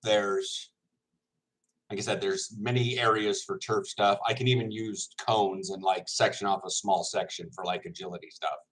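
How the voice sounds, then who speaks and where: A man's voice: fairly low pitch, fairly even intonation, moderate pace, fairly bright tone, poor audio. A man, a semi-pro linebacker, chatting casually to viewers, rambling, laughing often and correcting himself, with his mouth full.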